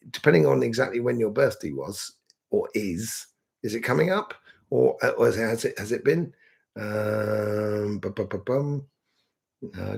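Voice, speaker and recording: Male tarot reader, live Q&A; gravelly texture, hesitant and rambling delivery. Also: medium pitch, darkish tone. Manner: rambling, hesitant, many fillers and restarts. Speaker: tarot reader answering viewers.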